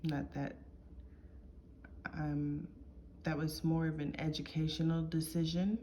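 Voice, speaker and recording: A woman shares her life story in a confessional, heartfelt way. Her voice sits a little low, and she takes her time with each thought. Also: little pitch movement, takes it slowly, mellow, a little hiss or hum. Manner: earnest, reflective, heartfelt.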